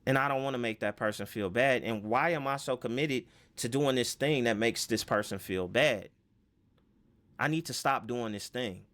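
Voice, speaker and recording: A man's voice: medium pitch, normal speed, fairly bright tone. A man giving a casual self-help lesson, rambling with fillers and rhetorical questions.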